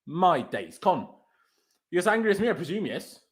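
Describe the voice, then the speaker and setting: A man's voice: sits high, very animated, moderate pace. A man hosting a football fan show, ranting in exasperation, stumbling over his words and swearing. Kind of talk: angry post-match reaction rant.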